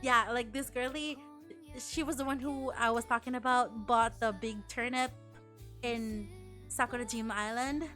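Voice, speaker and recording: Brief: young woman streamer, chatty and profane, bright high voice. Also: steady tone, moderate pace, soft background music. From Philippines. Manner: chatty, swears a lot, restarts and acts out quotes. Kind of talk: casual chat.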